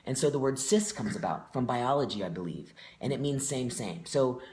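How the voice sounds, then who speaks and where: A man speaking as a guest in a casual conversation, reflective and earnest, often pausing on fillers. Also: mid-range voice, animated, a little mellow, roomy sound.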